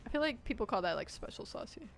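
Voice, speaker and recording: A woman streaming a game live, chatting and joking with viewers and shouting out loud when things go wrong. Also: fairly high pitch, very animated, fast, creaky, soft background music. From United States. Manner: jokey, reacts loudly with sudden shouts. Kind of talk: live gameplay commentary.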